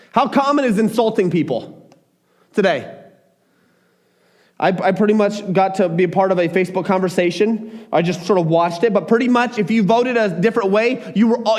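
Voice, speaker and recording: Guy preaching a sermon, kinda high voice, lively and emphatic, trips over his words sometimes. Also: moderate pace. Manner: animated, emphatic, with repeated restarts. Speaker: pastor.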